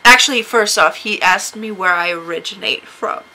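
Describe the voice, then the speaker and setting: A woman from the United States telling a story to camera in a casual vlog. She is sarcastic, laughs often and jumps to a high, shrill voice when she acts out her own replies. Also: normal speed, bright, forceful tone, rough recording. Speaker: vlogger.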